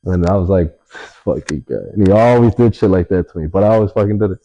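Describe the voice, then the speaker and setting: Laid-back deep-voiced young man, swearing. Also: very fast, dark tone, rough recording. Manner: laid-back, swears a lot, many fillers. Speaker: interviewee. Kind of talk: casual storytelling in an interview.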